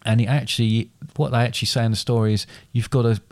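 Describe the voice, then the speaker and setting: A man's voice: mid-range voice, fairly even intonation, very fast, gravelly, dry recording, studio quality. A man casually retelling a fairy tale in a chat, rambling and correcting himself as he goes. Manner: rambling, self-correcting storyteller.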